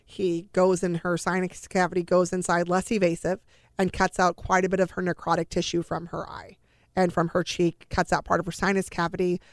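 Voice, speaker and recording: A woman's voice: fairly low pitch, little pitch movement, brisk, dry recording, clean studio sound. A woman in her forties, a mother earnestly recounting a family story as an interview guest, sighing often and acting out what each person said.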